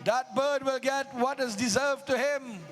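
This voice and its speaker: Male devotional storyteller, very high voice, slow dramatic preacherly phrasing. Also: steady tone, a bit bright, soft background music. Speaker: Ramleela narrator.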